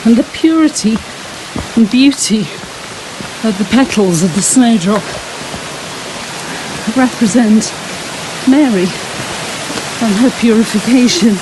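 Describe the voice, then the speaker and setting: A woman leading a Sunday school walk, giving a gentle, reflective talk outdoors while slightly out of breath. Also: medium pitch, background noise. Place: outdoors on a frosty hillside walk.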